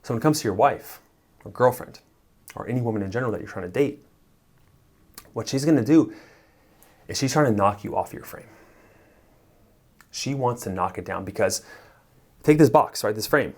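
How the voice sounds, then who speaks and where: A man's voice: medium pitch, normal speed, long pauses, breathy edge. A man coaching on relationships, telling stories casually and animatedly, often adding "like" and "right?" and chuckling as he talks. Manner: animated storyteller, frequent "like" and "right?", chuckles while talking. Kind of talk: casual advice monologue to the camera.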